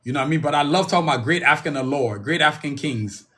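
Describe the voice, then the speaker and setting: Male podcast host, bright and fairly high voice, loose rambling solo talk. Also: very fast. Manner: rambling, repeats himself, calls the audience "y'all".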